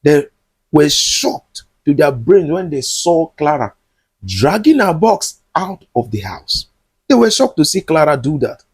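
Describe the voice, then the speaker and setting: A man's voice: a little high, big pitch swings, unhurried, slightly rough, no echo. A man recapping a film and commenting on it, scolding the characters directly in an indignant tone. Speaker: movie reviewer.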